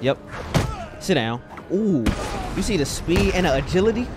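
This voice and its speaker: A young man narrating his gameplay with hype and loose slang, talking into a headset mic. Game music plays clearly under his voice. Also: high voice, very animated, normal speed. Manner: hyped, casual slang. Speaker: gaming YouTuber. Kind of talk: let's play commentary.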